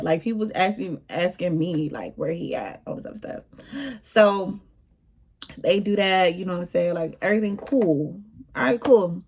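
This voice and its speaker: Young woman vlogger, slangy exasperated storytime, mid pitch. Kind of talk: casual storytime.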